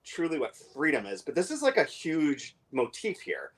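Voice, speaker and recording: A man co-hosting a casual book discussion, talking with many fillers and restarts and reading passages aloud quickly. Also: fairly high pitch, huge pitch swings, crowd noise. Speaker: podcast co-host.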